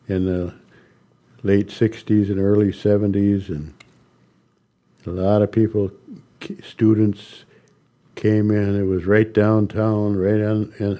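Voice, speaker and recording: Slow, deep-voiced older man telling stories. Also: warm tone. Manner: slow, halting storyteller with chuckles. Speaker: interviewee recounting ministry. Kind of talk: storytelling interview.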